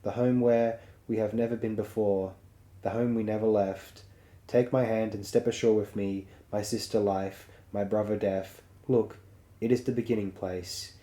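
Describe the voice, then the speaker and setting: A man giving a measured, solemn dramatic reading of a story, as an audiobook. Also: fairly low pitch, steady tone, dark tone. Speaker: audiobook reader. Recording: roomy echo.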